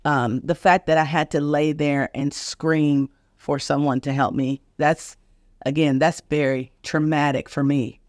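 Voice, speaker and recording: A woman's voice: low voice, little pitch movement, measured pace, dry recording, clean studio sound. A middle-aged woman physician hosting a podcast, earnestly and emotionally telling a vivid personal story and acting out the other people's voices. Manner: vivid, emphatic retelling, acting out each voice.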